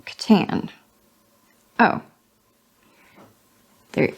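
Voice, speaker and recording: A woman's voice: medium pitch, lively intonation, a little slow, creaky, dark tone, husky. A woman hobby vlogger reading a magazine aloud with her own commentary. She sounds out each word, corrects herself, and stays amused.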